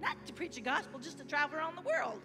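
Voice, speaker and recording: A high-pitched American woman preaching to a congregation in a church hall with a long echo. She is animated and leads call-and-response. Music plays behind her. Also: fast. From United States. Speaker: guest missionary preacher. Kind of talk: sermon.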